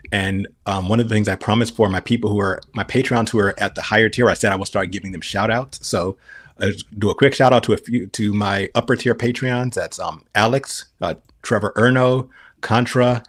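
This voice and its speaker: A man speaking as a podcast guest in casual chat, rambling with frequent restarts. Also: on the low side.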